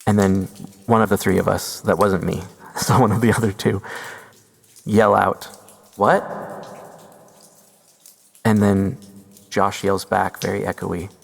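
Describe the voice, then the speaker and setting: Man, deep gravelly voice, slow suspenseful first-person storytelling, long reverb. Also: little pitch movement. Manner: slow, deliberate telling with suspenseful pauses. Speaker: podcast host.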